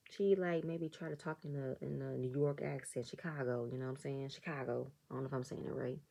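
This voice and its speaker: A woman with a low, dark voice reviews a reality show episode in a relaxed, chatty way. A gravelly fry runs through her speech. She often breaks into sarcastic asides and acts out the reactions of the people she is describing. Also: rough recording. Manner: animated, sarcastic commentary with mock quoted reactions. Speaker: reality TV recap vlogger.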